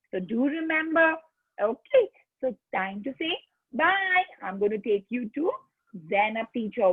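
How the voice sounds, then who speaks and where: A woman's fairly high, slightly husky voice comes through a thin, phone-like video call with a dry sound. She teaches small children, coaxing them along with simple questions. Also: no room sound. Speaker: preschool teacher. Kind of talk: online class for small children. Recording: tinny phone-like call audio.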